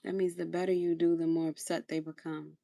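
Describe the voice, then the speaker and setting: A woman hosting a relaxed livestream, talking while she does her skincare. Her voice sits a little low, with lots of gravelly vocal fry. She coaches her viewers and repeats her phrases for emphasis. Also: brisk. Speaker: livestream host. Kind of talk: casual livestream chat during a skincare routine.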